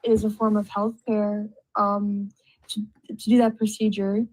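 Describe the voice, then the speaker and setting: A woman calling in to a casual online debate, measured and hedging with fillers. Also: mid-range voice, completely flat delivery, darkish tone, low-quality recording. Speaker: debate caller.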